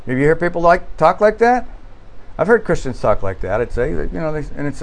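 A man's voice: a little high, lively intonation, a little fast, creaky. A male pastor preaching a sermon in an earnest, emphatic way, pressing hard on key words and often restarting his phrases.

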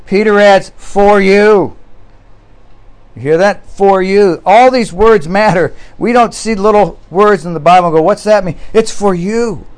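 An earnest male pastor delivers a sermon with a slightly raised pitch. He presses hard on key words and often circles back to restart his phrases. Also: normal speed, few pauses.

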